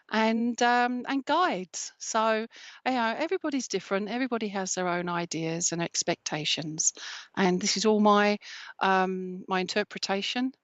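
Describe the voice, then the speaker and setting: A woman hosting a live stream as a spiritual medium, chatting casually and greeting viewers warmly with many ums and endearments. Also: medium pitch, dry recording. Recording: dry, slightly dull sound.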